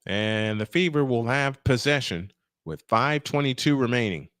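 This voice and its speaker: A man's voice: medium pitch, expressive, normal speed, a bit bright, clean tone, dry recording, studio quality. A male play-by-play announcer calling a basketball game in a chatty style, full of rambling, self-deprecating asides.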